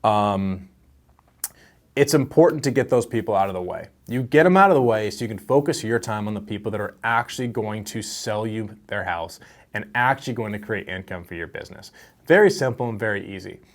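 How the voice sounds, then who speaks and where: A young man with a lowish voice talks briskly to the camera in a casual advice vlog about real estate wholesaling. He's friendly and animated, telling stories and laughing along the way.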